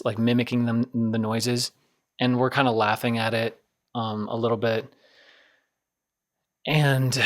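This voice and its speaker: A man in his twenties hosting a podcast, telling a story in a rambling, self-deprecating way that circles back and repeats itself. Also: medium pitch. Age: 20s. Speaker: podcast host. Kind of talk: casual storytelling.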